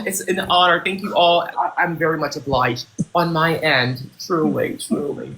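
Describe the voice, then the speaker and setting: A man hosts a livestream on his phone as a self-styled CEO, leading a job interview in a mock-formal, unhurried manner. His voice sits a little high with a bright edge. The room rings with echo and faint clicks. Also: steady tone, creaky. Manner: mock-formal, unhurried, slips into thanking viewers. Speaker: livestream host. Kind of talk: role-play job interview as a boss and CEO.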